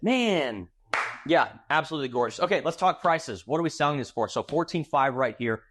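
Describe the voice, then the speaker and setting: A man's voice: a little high, animated, a little fast, a bit bright. A man from Texas hosting a casual product showcase as a watch dealer, chatty and enthusiastic as he rambles about a piece. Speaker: watch dealer and show host.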